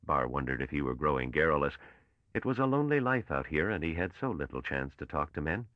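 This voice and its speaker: Man narrating a novel, very deep voice, measured, dry booth, muffled lo-fi sound. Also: very animated, no room sound. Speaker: audiobook narrator. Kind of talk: scripted narration.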